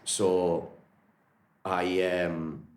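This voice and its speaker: A man's voice: deep voice, level tone, very slow, roomy sound. A Geordie man from Newcastle, a martial arts coach, telling stories in a rambling, friendly way, full of "you know" and "like". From Newcastle, England. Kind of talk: casual storytelling interview.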